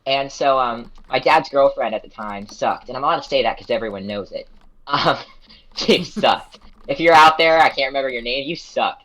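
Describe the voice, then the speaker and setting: Very low-voiced rambling woman storyteller. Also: normal speed, fairly bright tone, poor audio. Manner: rambling, self-interrupting storyteller who laughs often. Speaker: streamer. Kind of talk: casual chat.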